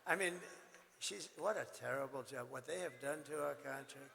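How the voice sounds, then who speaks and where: An older man giving a rambling, boastful campaign rally speech in a hoarse, strained voice, breaking into shouts. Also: a little high, moderate pace. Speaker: political speaker at a rally. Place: large indoor arena. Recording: long arena reverb, faint ambient noise.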